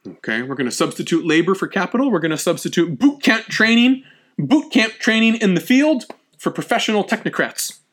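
A man with a high-pitched voice lecturing on history. He talks animatedly, slips into acted-out quotes, and often stumbles and restarts mid-phrase. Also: sing-song, fairly quick, fairly bright tone.

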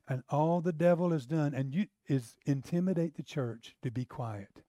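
A man's voice: on the high side, moderate pace, warm tone, no room sound. A middle-aged man, preaching a sermon in a conversational style that rises to emphatic outbursts. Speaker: pastor.

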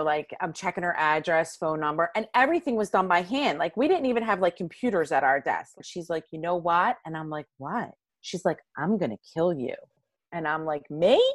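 A woman's voice: mid-range voice, no echo. A middle-aged woman in an interview, telling stories from her old job and acting out the dialogue with lots of "like". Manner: animated storyteller, acts out quoted dialogue, uses "like" a lot. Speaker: interview guest, former probation officer. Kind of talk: storytelling interview answers.

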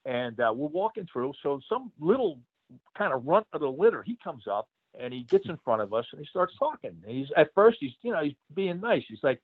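A man's voice: fairly high pitch, big pitch swings, brisk, husky, dry recording. Male ex-wrestler guest, casual storyteller, filler-heavy delivery, phone-quality dry audio. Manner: rambling, many fillers, laughs through stories. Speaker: retired pro wrestler guest. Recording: tinny phone-like line.

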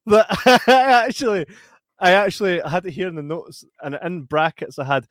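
A man's voice: sits high, moderate pace, fairly bright tone, no room sound, clean studio sound. A man co-hosting a podcast, chatting casually about a film and laughing often as he retells scenes. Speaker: podcast co-host.

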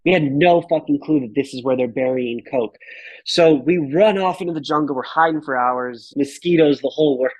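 An animated man in his thirties tells a travel story on a podcast. His talk is casual and full of swearing. His voice sits at a middle pitch, and the recording is dry with no room sound. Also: normal speed, no echo, rough recording. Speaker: podcast guest.

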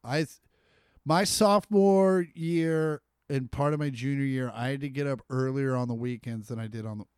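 A man's voice: medium pitch, moderate pace, clear, resonant tone, no room sound, studio quality. A man in his forties from Kansas City, co-hosting a comedy podcast and telling joking stories in casual chat. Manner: storytelling, joking, animated.

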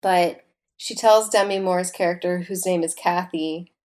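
Young woman gushing about an old movie, acts out lines, swears a lot, voice a bit low. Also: unhurried. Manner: animated, acts out characters, swears freely. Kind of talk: casual chat retelling a movie.

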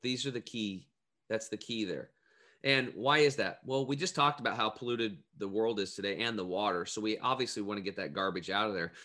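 A man talking as a health coach, telling animated stories in casual chat and acting out the voices he quotes. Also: lowish voice, brisk.

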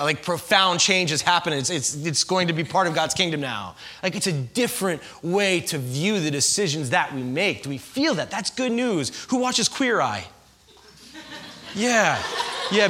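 A man preaching a sermon to his congregation in a conversational, animated way, with frequent asides to the listeners. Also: sits high. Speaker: pastor.

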